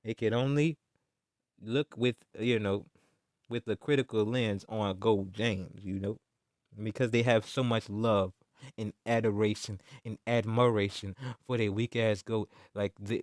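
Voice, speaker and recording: This man's voice is fairly low, unhurried and slightly mellow, recorded dry at studio quality. As a sports vlogger in a heated casual rant, he mocks and insists, repeating himself, piling on slang and jabs, and ending lines with "man."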